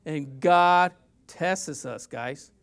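A man preaching a sermon as pastor, animated, with sudden loud rises and quiet drops and casual conversational asides. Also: a little high, drawn-out words, vocal fry, smooth.

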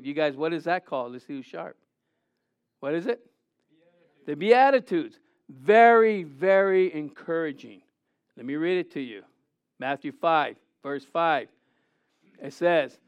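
Male preacher, high and smooth voice, dry close sound; animated, reads scripture, quizzes the room. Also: no echo. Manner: animated, acts out scenes, asks the audience questions. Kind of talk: sermon with scripture reading.

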